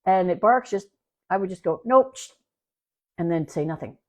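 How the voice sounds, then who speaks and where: A woman's voice: lowish voice, brisk, darkish tone. A woman dog trainer answering listener questions in a casual podcast, plainspoken and repetitive on key points. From Canada. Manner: plainspoken, repeats key points, acts out dog and owner lines.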